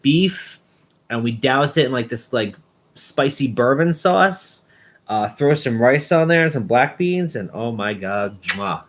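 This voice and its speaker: A young man, a schoolteacher, hosting a casual live stream and telling stories loosely with many fillers. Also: medium pitch. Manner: rambling, warm-hearted storytelling with many fillers.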